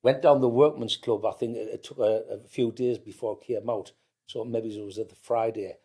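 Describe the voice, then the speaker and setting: A man's voice: lowish voice, fairly even intonation, a little fast, mellow, breathy edge. A man in his fifties from County Durham with a North East English accent, telling family stories in a casual chat and often restarting words. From County Durham, England. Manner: anecdotal, repeats words as he restarts, mimics others in quotes. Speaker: podcast guest, family business owner.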